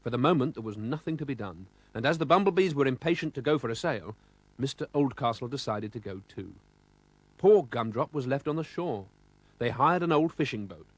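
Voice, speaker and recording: A man's voice: mid-range voice, lively intonation, a little fast, breathy edge, no echo. A man with a British accent narrating a children's storybook expressively, voicing sound effects.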